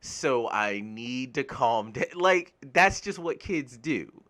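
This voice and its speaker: A man from the United States giving a casual, blunt gaming commentary rant, swearing freely and getting animated when worked up. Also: medium pitch, takes it slowly. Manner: blunt, swears freely, laughs at own jokes. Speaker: gaming YouTuber.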